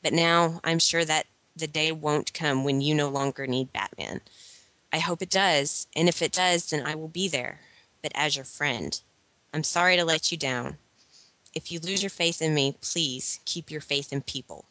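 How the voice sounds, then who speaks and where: A woman's voice: low-pitched, moderate pace, pushed and bright, no room sound, rough recording. A woman reading as a heartfelt young woman's farewell letter. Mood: sincere regret. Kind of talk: unrehearsed film letter reading.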